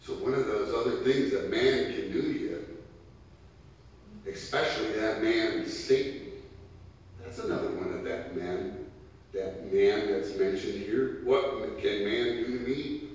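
A man delivers a sermon in an emphatic, repetitive style, his lines building with rising force. He speaks slowly, and his voice rings out in a large hall with a long reverb, picked up from far away. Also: lowish voice, a little mellow, muffled recording. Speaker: preacher.

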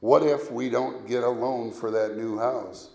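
A man preaching a sermon as a pastor, speaking deliberately and leading his listeners through recited scripture. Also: mid-range voice, steady tone, vocal fry, mellow. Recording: echoey room.

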